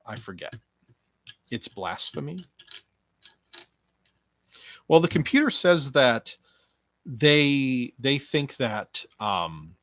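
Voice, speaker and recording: A young man hosts his wrestling podcast in a rambling, sarcastic way, swearing freely and mocking a wrestler to his face. He talks slowly, and the sound is dry and close. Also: medium pitch, fairly bright tone, no echo. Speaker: podcast host. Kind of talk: casual wrestling commentary podcast.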